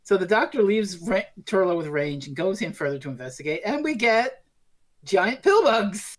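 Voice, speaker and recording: A woman's voice: on the low side, very animated, brisk. A woman co-hosting a podcast in casual chat, blunt and swearing freely as she recaps. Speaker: podcast co-host.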